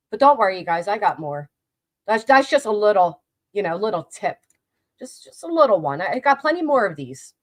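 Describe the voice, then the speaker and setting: A middle-aged woman with a Philadelphia accent, hosting a livestream and ranting loudly with abrasive, profane anger. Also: medium pitch, very animated, brisk. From Philadelphia, USA. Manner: loud, abrasive, profane, angry. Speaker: livestream host. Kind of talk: heated livestream rant.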